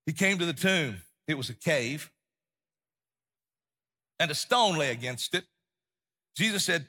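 Pastor guy preaching, fired up then going quiet, slightly high voice. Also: expressive, moderate pace. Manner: impassioned, repeats phrases for emphasis, drops to a hush. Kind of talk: sermon.

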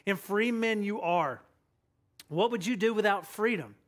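A preacher quoting a rousing rebel commander. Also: male voice, sits high, a little slow. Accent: none, plain delivery with no put-on accent. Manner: rousing, defiant battle speech. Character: medieval rebel commander rallying his army.

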